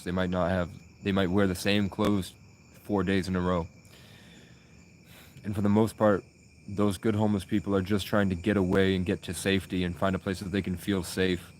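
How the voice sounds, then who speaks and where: A man's voice: low-pitched, slight background noise. Rambling, profane young man. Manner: rambling, profane, with many restarts. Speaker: vlogger. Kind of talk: casual personal storytelling.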